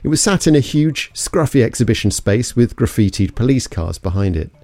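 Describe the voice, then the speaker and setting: A man's voice: medium pitch, animated, a little fast, warm tone, no echo, faint music behind. A man from London narrating an investigative story in a suspenseful, scripted way. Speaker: podcast narrator.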